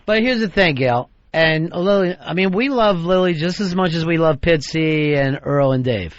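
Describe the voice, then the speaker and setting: A man's voice: on the high side, animated, normal speed. Wry rambling male radio host. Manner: wry, rambling, acts out quotes. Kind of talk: casual radio talk. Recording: dull lo-fi radio broadcast.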